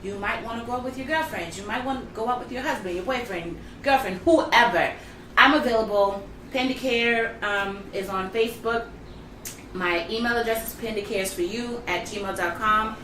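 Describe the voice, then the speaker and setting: A woman guest in casual chat who talks directly and plainly. She sits away from the mic in an echoey room. Steady background noise runs under her voice. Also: fairly high pitch, fairly quick, recorded from a distance. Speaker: guest, behavior therapist.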